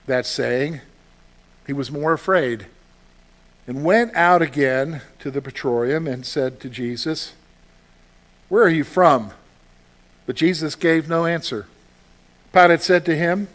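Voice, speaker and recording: A man's voice: fairly high pitch, fairly bright tone. Emphatic male pastor preaching a sermon. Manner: emphatic preaching, reads scripture aloud, answers his own imagined questions.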